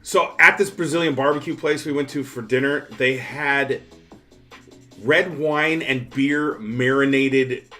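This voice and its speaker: A man with a bright, forceful voice chats casually on a livestream. He rambles and laughs at himself, restarting his sentences often. Faint music plays behind him. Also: medium pitch, unhurried. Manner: rambling storyteller, self-mocking, many restarts. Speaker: livestream co-host. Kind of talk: casual chat.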